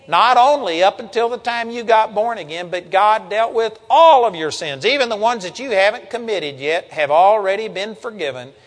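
A man's voice: sits high, expressive, normal speed, hardly any pauses, long reverb tail. An older man preaching a sermon, reading scripture and teaching with earnest emphasis.

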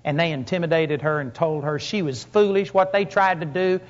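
A man's voice: fairly high pitch, fairly even intonation, normal speed. A man preaching a sermon to a congregation, telling stories with emphatic rises and punchy lines. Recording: long hall reverb, dull lo-fi sound.

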